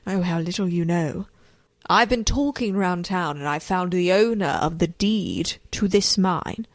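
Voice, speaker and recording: A woman's voice: fairly low pitch, measured pace, dry recording, studio quality, pitched below the performer's own voice. Woman doing a grave, ominous wealthy man.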